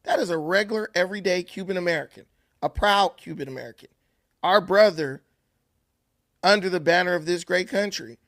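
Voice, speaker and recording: A man's voice: high-pitched, fairly quick, a bit bright, dry recording, studio quality. A man delivering opinion commentary in an emphatic, sarcastic, ranting way. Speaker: political commentator.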